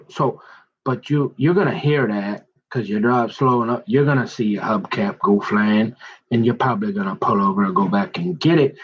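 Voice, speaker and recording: Man, husky voice, rambling casual monologue, keeps asking "right?", dull lo-fi recording. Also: mid-range voice. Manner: talks straight at a listener, keeps asking "right?" and murmuring "mm-hmm"; drawn-out, meandering storytelling with many restarts. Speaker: vlogger telling a personal story.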